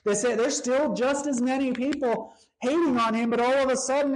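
A preacher delivering a sermon in an earnest, emphatic way, slowing down to stress the key lines. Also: high voice, fairly even intonation.

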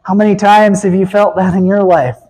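Brief: male preacher, high-pitched, husky, emphatic, dropping to hushed tones. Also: level tone, a little fast. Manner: emphatic, swings from loud to hushed, chuckles. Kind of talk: sermon.

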